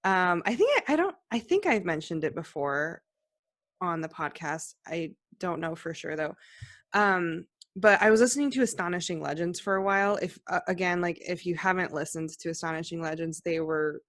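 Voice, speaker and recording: A woman's voice: lowish voice, expressive, moderate pace, fairly bright tone, dry recording, clean studio sound. A young woman co-hosting a podcast, chatting casually in a rambling, enthusiastic way with many restarts. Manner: rambling, self-interrupting, enthusiastic. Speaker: podcast co-host. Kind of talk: casual chat.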